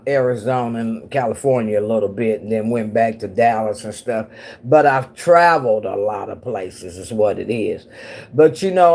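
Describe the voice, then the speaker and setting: Hosting a casual livestream, a woman from the central United States (Missouri and Oklahoma) rambles as she chats with viewers and laughs often. Her voice is extremely low and a little mellow.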